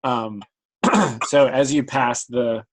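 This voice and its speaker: Brief: easygoing male game master, mid-pitched, explains rules, chuckles a lot. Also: very slow, low-quality recording. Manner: relaxed, explanatory, laughs often. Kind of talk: narrating a tabletop game.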